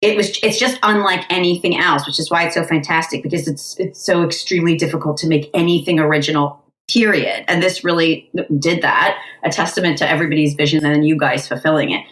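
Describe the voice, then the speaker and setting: A woman's voice: low-pitched, fast, hardly any pauses, fairly bright tone. A Canadian woman, a comedian guest on a podcast, chatting casually with a self-mocking, jokey manner. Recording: roomy echo.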